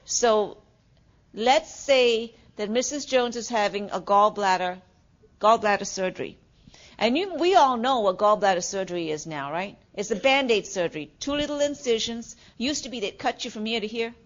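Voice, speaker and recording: Woman, middle-aged, nursing instructor, classroom lecture, conversational, slightly high voice, dull lo-fi recording. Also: animated, moderate pace. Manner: conversational, asks the class questions, many "okay"s.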